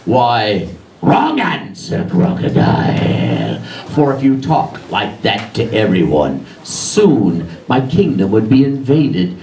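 A man voicing a menacing, hungry male lion king who speaks slowly and gloats with chuckles. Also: mid-range voice, huge pitch swings, a little mellow, slight background noise, voice pushed down, heavily acted. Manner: slow, drawn-out, gloating with chuckles. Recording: roomy echo, distant mic, faint ambience.

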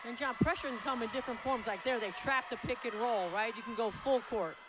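A man giving chatty basketball color commentary with quick reactions and tactical asides. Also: very high voice, noisy background.

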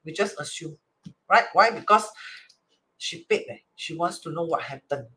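A Chinese metaphysics teacher with a Singaporean English accent explains a divination chart reading in a bright, mid-range voice at normal speed. The teacher acts out quoted dialogue, constantly checks with "right?", and mixes in Chinese and Hokkien words.

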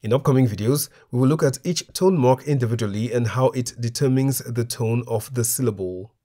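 Man, middle voice, scripted lesson narrator, measured and deliberate. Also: medium pitch. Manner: slow and even, spelling out foreign words deliberately. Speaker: language teacher.

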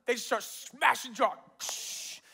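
An extremely high, creaky, husky male voice preaches slowly in a large church auditorium. The pastor tells his stories with animation, voicing the quotes dramatically and laughing a lot.

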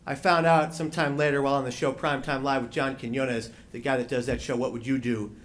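A man speaking on a panel, recounting a personal story in a measured, dramatic way with slow pauses. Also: mid-range voice, little pitch movement, a little hiss or hum. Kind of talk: personal story told to an audience. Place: conference room.

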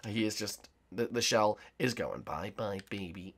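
A young gaming YouTuber delivers excited, teasing play-by-play of a multiplayer game round, addressing both the players and his viewers. His voice is fairly low in pitch and a little slow.

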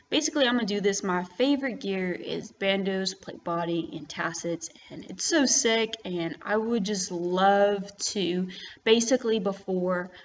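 A woman giving casual commentary over her own gameplay, chatty and full of fillers and restarts. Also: mid-range voice. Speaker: gaming vlogger. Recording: slightly dull audio with faint noise.

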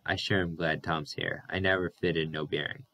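A brash young country man grumbles and defends himself, read by a man. The voice is low, and the rural phrasing stays blunt. It sounds like a storybook reading. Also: fairly even intonation, moderate pace, a bit bright.

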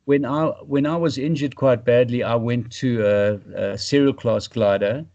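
A man from South Africa, a paragliding pilot and podcast guest, chatting casually and trailing off into quiet fragments. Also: medium pitch, measured pace, muffled recording.

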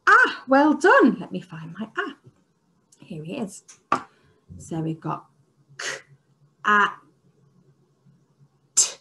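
A woman teacher leading an online phonics lesson for young children, sounding out letters slowly and praising with excitement. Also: medium pitch, breathy edge. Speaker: early years teacher.

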